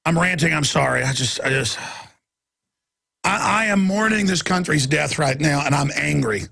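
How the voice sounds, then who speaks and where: A man hosting a radio talk show, ranting angrily and breaking into shouts, with a gravelly, husky voice. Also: on the high side, moderate pace. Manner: angry, shouting in bursts, then weary and apologetic. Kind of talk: ranting monologue.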